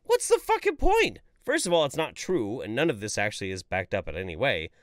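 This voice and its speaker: A man's voice: lowish voice, sing-song, fast, fairly bright tone, dry recording, studio quality. A man hosting a live stream, reading out viewer messages and reacting in a profane, exasperated way. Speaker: livestream host. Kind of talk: casual live-stream chat.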